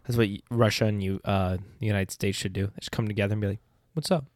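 A young man co-hosting a podcast, telling stories in a lively, laughing way and swearing casually. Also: lowish voice, very fast, dry recording. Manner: animated storyteller, laughs often, swears. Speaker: podcast co-host. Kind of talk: casual chat. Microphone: podcast mic.

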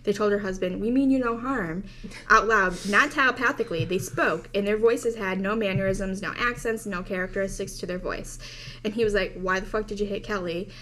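A woman's voice: medium pitch, fairly quick, fairly bright tone. A woman podcast host casually retelling an alien encounter story, quoting voices and breaking into laughs.

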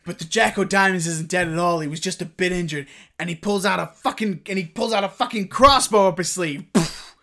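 Animated man telling a bloody scene. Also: high voice, brisk. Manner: animated, swearing, rising to shouts. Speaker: performer. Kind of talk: performing a film monologue.

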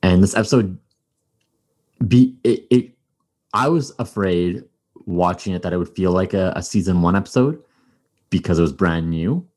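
A man's voice: sits low, moderate pace, long pauses, a little mellow. A man hosting a podcast, chatting casually and rambling with many fillers and restarts. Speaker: podcast host. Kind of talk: casual chat.

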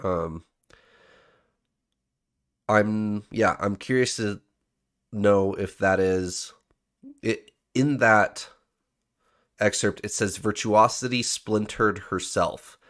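A man hosting a podcast, explaining points in a relaxed, conversational way. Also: lowish voice, slow, pauses often. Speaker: podcast host. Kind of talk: casual book discussion.

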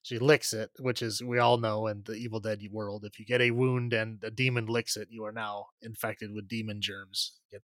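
A man's voice: lowish voice, little pitch movement, normal speed, few pauses, fairly bright tone, no room sound, studio quality. A man co-hosting a podcast, recapping a horror movie in a rambling way with lots of fillers and laughs. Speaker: podcast co-host. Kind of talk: casual movie recap chat.

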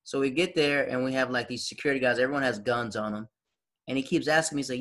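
A man in his thirties from the American South, chatting casually and telling animated stories. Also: medium pitch, fast talker. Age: 30s. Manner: animated storyteller, acts out quoted voices. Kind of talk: casual chat.

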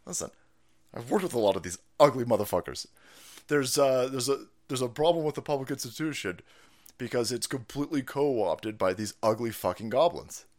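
A man's voice: mid-range voice, expressive, moderate pace. A hungover man hosting a stream, ranting in profane, combative and sarcastic political commentary. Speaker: streamer host.

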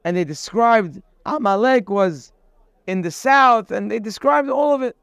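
A man leads a Torah class at an unhurried, measured pace, quoting Hebrew verses and translating them one by one. His voice is high and clear. The sound is dry and close. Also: expressive, a bit bright, no echo, dull audio. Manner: acts out quoted speech with sudden raised emphasis. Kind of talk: lecture-style Torah class.

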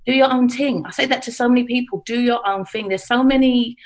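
A woman's voice: fairly high pitch, quick pace, poor audio. A woman from England, a radio producer who chats as a podcast guest and repeats her key points with emphasis. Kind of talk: casual chat.

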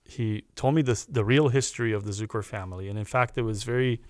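A man appearing as a podcast guest tells a personal story earnestly and animatedly, acting out the people he quotes. His mid-range voice moves at a quick pace, and the recording is clean studio sound with no room sound.

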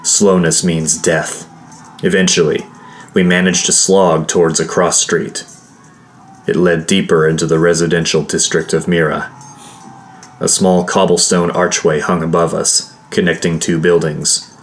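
A man narrating a first-person fantasy adventure in a steady, measured storytelling voice. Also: low-pitched, a little hiss or hum. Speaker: audiobook narrator.

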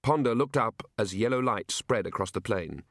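A man narrating an audiobook in a wry, expressive storytelling manner. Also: lowish voice, moderate pace, no room sound, clean studio sound. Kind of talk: scripted narration.

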